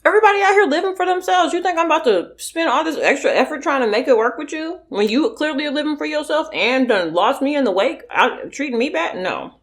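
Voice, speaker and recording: A woman's voice: high-pitched, animated, fairly quick, few pauses. Blunt young woman chatting between bites. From California. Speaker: mukbang vlogger. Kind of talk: casual eating vlog chat.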